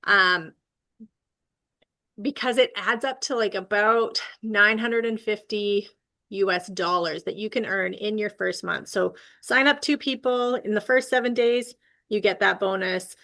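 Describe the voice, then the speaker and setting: Friendly woman host pitching on a video call; easygoing, gravelly undertone, loose and chatty. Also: a little slow, bright, forceful tone. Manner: chatty, laughs often, trips over words. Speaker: host of a business opportunity call.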